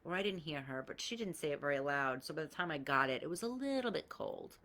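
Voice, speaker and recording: A woman's voice: low voice, lively intonation, fast, fairly bright tone. A woman hosting a live coaching call, talking bluntly and swearing freely as she gives everyday examples and greets viewers by name. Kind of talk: casual live-stream coaching talk.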